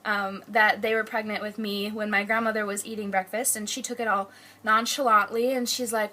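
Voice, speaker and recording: A woman's voice: on the high side, steady tone, fast, a bit bright. A young woman telling family stories in a casual, chatty vlog, laughing often. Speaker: vlogger.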